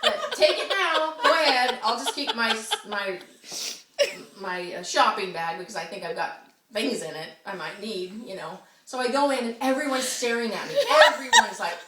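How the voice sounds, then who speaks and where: A woman telling a friend a story in casual chat, animated, often laughing and acting out the people she quotes. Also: mid-range voice, moderate pace. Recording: roomy, distant mic, noisy background.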